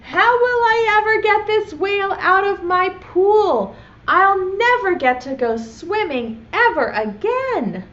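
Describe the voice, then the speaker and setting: A woman's voice: high-pitched, very animated, lo-fi sound, pitched above the performer's own voice, exaggerated voice. A woman doing a put-out little boy. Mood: exasperated. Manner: slow, drawn-out storybook reading. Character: young boy, stubborn and put out.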